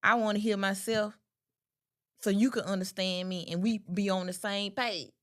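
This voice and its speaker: A woman's voice: medium pitch, steady tone, moderate pace, a bit bright. A woman on a talk panel who chimes in with short comments. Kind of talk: casual chat.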